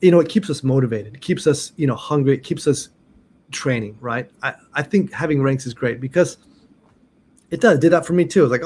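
A man's voice: mid-range voice, a little fast, a little mellow, slightly rough. A middle-aged man telling a story about his martial arts training in a loose, rambling way, full of restarts and "you know". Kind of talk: casual storytelling.

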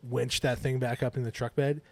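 A man's voice: medium pitch, level tone, a little fast, creaky, no echo. A man in his forties co-hosting a podcast, telling rambling stories in casual chat and laughing often. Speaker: podcast co-host.

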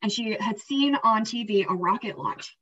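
A woman co-hosting a podcast, talking in an energetic, rambling, motivational way, often tossing in "right?" and "like". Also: mid-range voice, normal speed. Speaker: podcast co-host. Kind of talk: casual motivational chat. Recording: slightly distant, dull lo-fi sound.

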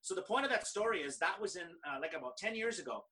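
Bright-voiced man telling a story. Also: sits high, fast talker, distant mic, rough recording. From Canada. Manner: animated, quotes others in lively dialogue. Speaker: guest speaker. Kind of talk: conversational storytelling.

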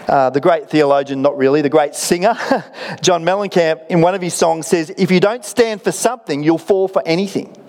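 A man's voice: on the high side, normal speed, darkish tone. A middle-aged Australian man preaching a sermon as a pastor, telling stories conversationally with self-deprecating humour. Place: church auditorium. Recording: long reverb of a large hall.

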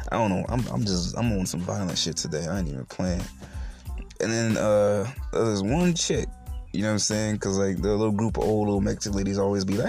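Young male podcast host, low gravelly voice, foul-mouthed storyteller, faint music behind. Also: brisk, a little mellow. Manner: profane, laughing storyteller. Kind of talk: solo podcast rant.

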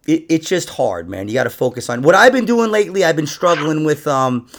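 Gravelly, lively-voiced comedian man. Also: a little high, brisk. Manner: emphatic, swears freely. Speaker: comedian and podcast co-host. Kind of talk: casual podcast chat.

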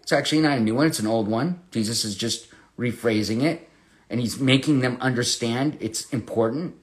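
A man teaching verse by verse through a Bible passage, impassioned and conversational, rising to loud emphasis and dropping to hushed storytelling. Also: medium pitch, normal speed.

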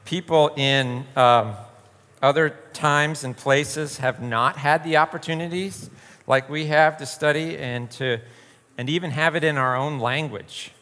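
A man's voice: a little high, measured pace, sharp tone, long reverb tail. A man leading an informal youth group talk, a joking storyteller who acts out quoted voices.

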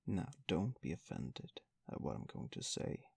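A sly matron, all fawning sweetness and false humility, as a man reading the story puts her on. Her voice is gravelly and husky from a low-pitched reader, and it rises and falls with lively swoops as she coaxes. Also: a little slow, no echo, exaggerated voice. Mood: coaxing. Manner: wheedling, falsely humble. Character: fawning sly woman running a workhouse nursery.

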